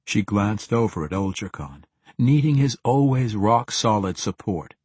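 A man reads a fantasy audiobook in a steady, even-paced way. His voice sits low and sounds husky. The recording is close and dry, with no room sound. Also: measured pace, dry recording. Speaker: audiobook narrator. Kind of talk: scripted fantasy narration.

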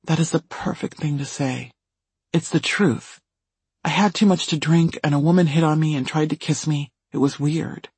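Husky male audiobook narrator. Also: a little high, moderate pace, no room sound. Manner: steady first-person reading.

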